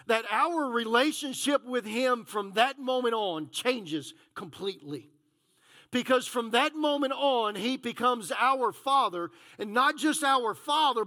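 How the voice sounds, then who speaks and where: A man pastor preaching a sermon, telling a story and acting out the dialogue with animated delivery. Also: very high-pitched.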